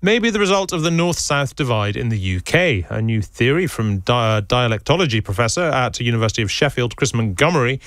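Fast-talking male radio presenter. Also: mid-range voice, a bit bright, dry recording. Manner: brisk, conversational questioning. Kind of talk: radio interview.

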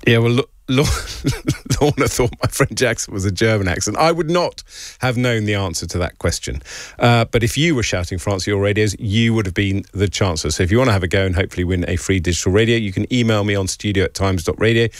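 A man hosting a radio show in a relaxed, chatty way, with a lowish voice. He laughs at himself and stumbles over his words now and then. The studio sound is dry and close. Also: fast, no room sound. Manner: chatty, self-deprecating, stumbles and repeats words. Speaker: radio presenter. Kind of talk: casual radio chat and presenting.

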